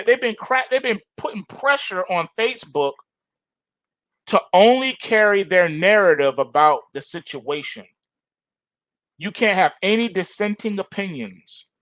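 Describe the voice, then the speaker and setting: A man's voice: high-pitched, sing-song, a little slow, no echo, rough recording. Ranting man with a dry close sound. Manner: forceful, repetitive ranting. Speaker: trading show host. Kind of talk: opinionated monologue.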